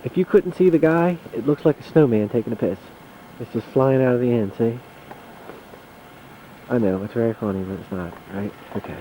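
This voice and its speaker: A man narrates his own home video in a chatty, wry way and curses mildly as he goes. His voice sits at a medium pitch and has a mellow tone. It is recorded on a handheld camcorder outdoors in deep mountain snow. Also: moderate pace, a little hiss or hum, rough recording. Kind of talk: casual narration while filming.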